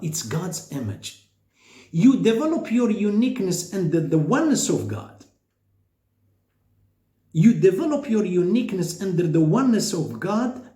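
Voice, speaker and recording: A man giving an informal spiritual lecture, emphatic and full of rhetorical questions. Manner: animated, emphatic, with sudden pitch jumps and rhetorical questions. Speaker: speaker on faith and psychology. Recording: echoey room.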